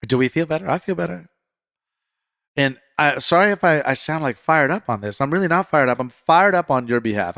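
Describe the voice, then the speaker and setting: A man hosting a political commentary podcast, talking conversationally and getting fired up, then settling into calm reassurance. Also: on the low side, dry recording, studio quality. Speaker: podcast host.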